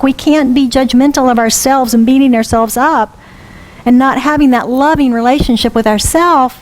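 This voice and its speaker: High-voiced woman preaching a sermon. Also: poor audio. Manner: earnest questions repeated for emphasis. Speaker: minister. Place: church sanctuary.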